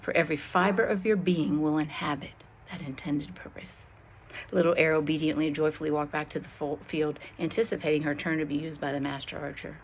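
A woman reading a Christian allegory aloud in a slow, expressive and dramatic way. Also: low-pitched, slight background noise, rough recording. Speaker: storyteller.

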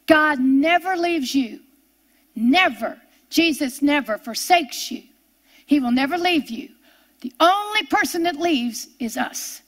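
Older woman, preacher, high voice, unhurried, emphatic sermon delivery. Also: a bit bright. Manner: emphatic, drawn-out preaching with sudden fast asides.

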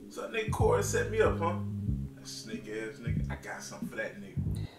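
A man's voice: fairly low pitch, very animated, fairly quick, roomy sound, music in the background. An actor playing a cocky, brash, wealthy male pro athlete who boasts and mocks on a phone call. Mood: boastful. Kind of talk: indie web drama acting.

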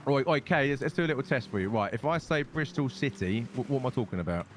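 Man in a game roleplay who talks fast with a lively, swinging pitch, game noise clearly heard behind. He jokes and teases constantly, swearing freely. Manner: joking, teasing, swearing. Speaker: streamer roleplaying.

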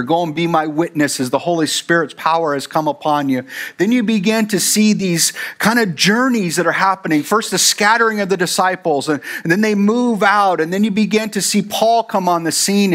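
High-voiced pastor preaching casually. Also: male voice, a bit bright. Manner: conversational, rambling with fillers and asides. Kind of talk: sermon. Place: church.

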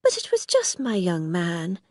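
A woman's voice: lowish voice, wildly swooping pitch, unhurried, darkish tone, no echo, studio quality. A woman doing a timid young maid. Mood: afraid. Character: frightened young housemaid.

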